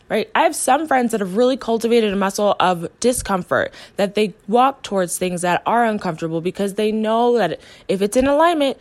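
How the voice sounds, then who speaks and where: A young adult woman from the United States, hosting a motivational podcast as a coach and speaking earnestly to her listeners. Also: fairly high pitch. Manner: earnest, encouraging, voices the listener's inner thoughts.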